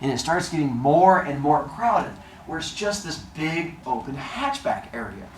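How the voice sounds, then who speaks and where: Lively man telling a funny story. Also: a little high, slight background noise. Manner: animated, acts out dialogue with quick voice changes. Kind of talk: comedic personal storytelling.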